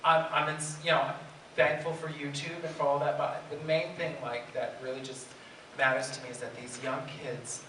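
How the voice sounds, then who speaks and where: A man in his fifties with a Bronx accent, a drag performer telling comic stories on a convention panel, animated and laughing often. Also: on the high side. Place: large convention hall. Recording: echoey hall from far off, background noise.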